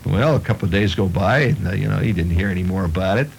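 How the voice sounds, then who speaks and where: A man's voice: deep voice, quick pace, creaky, a little hiss or hum, poor audio. A middle-aged man hosting a radio show, reading odd news stories aloud and spinning them into playful comic tales. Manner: playful storytelling with chuckles. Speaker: radio host.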